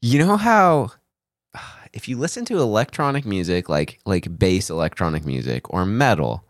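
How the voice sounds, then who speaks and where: Animated man laughing through a chat. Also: on the low side, moderate pace, no echo, clean studio sound. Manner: animated, laughs often, gets loud when excited. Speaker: podcast co-host. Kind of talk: casual chat.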